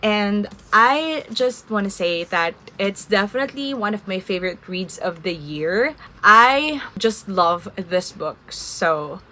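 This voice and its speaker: A woman's voice: mid-range voice, expressive, slow, hardly any pauses, sharp tone. A young woman from the Philippines talking casually to camera in a reading vlog, gushing and emotional about a book. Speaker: book vlogger.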